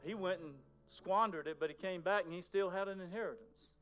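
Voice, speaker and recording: A man preaching a sermon in a conversational way, moving between loud emphasis and near-whispers. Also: high-pitched, a little fast, muffled recording, faint music behind. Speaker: pastor.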